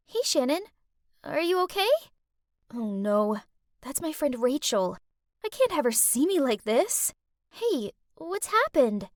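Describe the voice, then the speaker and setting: A young woman narrating an animated story in the first person, dramatic and confiding. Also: high voice, dry recording, clean studio sound.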